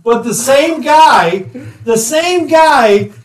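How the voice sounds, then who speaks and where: A man's voice: extremely high pitch, lively intonation, very slow, echoey room, far from the mic. A man, a former police sergeant, telling stories in casual chat, laughing and acting out quotes. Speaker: retired police sergeant, podcast co-host.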